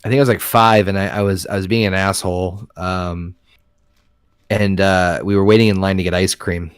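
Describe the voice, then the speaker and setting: A man's voice: deep voice, fairly even intonation, moderate pace, smooth. A man telling family stories in casual chat, swearing often and restarting his sentences. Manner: profane, rambling, self-interrupting.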